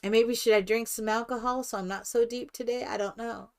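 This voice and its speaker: An older woman streaming herself playing a game, chatting in a rambling, animated storytelling way. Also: a little high, a little fast. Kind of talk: casual chat while playing a life-simulation game.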